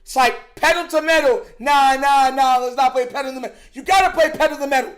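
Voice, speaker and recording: Hyped fan streamer guy, really high voice, reads donations and rants about the game. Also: fast talker, hardly any pauses. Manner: excitable, reads out donations, argues with himself. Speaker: streamer hosting a live game watch-along. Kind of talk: casual fan commentary over a live broadcast.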